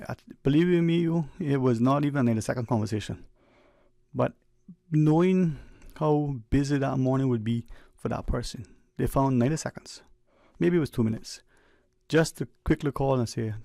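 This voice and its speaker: A man's voice: mid-range voice, vocal fry, dark tone, no room sound. Man, radio host, reflective monologue, dry close studio mic. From Cayman Islands. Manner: conversational, preachy, speeds up and slows down for emphasis. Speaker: radio talk show host. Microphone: studio microphone.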